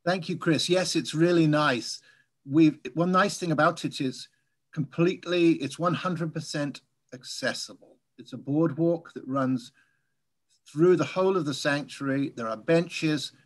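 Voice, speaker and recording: A man from England whose accent has drifted toward American, telling birding stories in a relaxed Q&A over a video call. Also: fairly high pitch, unhurried. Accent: English, softened by years in America. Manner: chatty, anecdotal, laughs while telling stories. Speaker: guest speaker. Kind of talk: casual Q&A chat.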